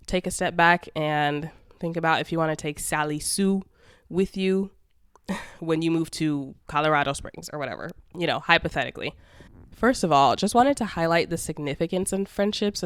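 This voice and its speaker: A woman in her twenties with a deep, clean voice hosts a casual solo podcast recorded at studio quality, with no echo. Chatty and sassy, she calls listeners "babes" and "girl," though her nose is congested and her throat is sore.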